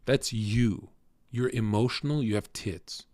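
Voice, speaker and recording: Low voiced young guy ranting at his stream chat, cocky and crude, dry close sound. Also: moderate pace, darkish tone, no echo. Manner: crude and cocky, heavy swearing, lectures the chat. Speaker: livestreamer talking to chat. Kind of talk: casual blunt stream monologue.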